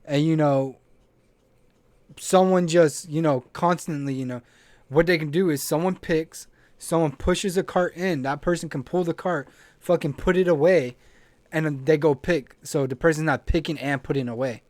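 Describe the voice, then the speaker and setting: A man's voice: a little high, moderate pace, a little mellow, no echo. A young man co-hosting a podcast, chatting casually and venting about his job with lots of swearing. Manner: profane, blunt, venting. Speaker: podcast co-host. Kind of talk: casual chat.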